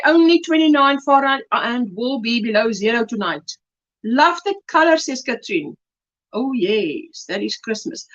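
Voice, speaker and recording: South African woman, livestream host, casual chat, reads comments aloud, high-pitched, muffled audio. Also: animated, measured pace, a bit bright. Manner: chatty, reads viewer comments aloud with delight.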